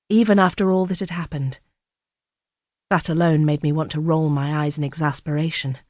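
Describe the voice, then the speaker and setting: A woman narrating an audiobook in the first person, in a measured, quietly dramatic reading on a close studio mic. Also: deep voice, no room sound. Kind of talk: scripted narration.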